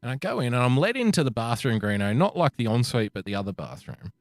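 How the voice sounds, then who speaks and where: Here the Australian podcast co-host talks quickly in a mid-range voice, captured dry and at studio quality on a podcast microphone. His casual, profane anecdote is animated, with the quotes acted out.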